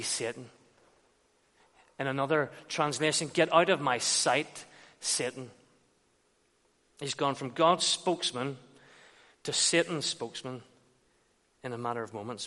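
A man's voice: mid-range voice, pushed and bright. A man preaching an expository sermon, retelling scenes and acting out quoted dialogue. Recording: long reverb of a large hall.

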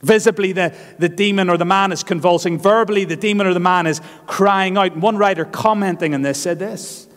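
A man's voice: high-pitched, a little fast, hardly any pauses, a bit bright. A man preaching a sermon as pastor, earnest and emphatic, leaning on repeated phrases. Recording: long hall reverb.

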